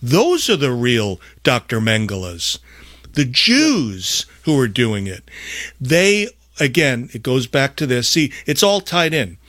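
A man hosting a podcast, talking in an emphatic, rambling way with big swings in loudness. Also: mid-range voice, huge pitch swings, slow pace, no room sound, studio quality. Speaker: podcast host. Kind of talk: casual podcast talk.

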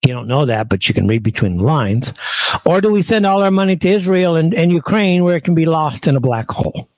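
A man's voice: a little high, expressive, a little fast, a little mellow, dry recording, rough recording. A man hosting a podcast, ranting in an angry, scornful commentary monologue. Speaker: podcast host.

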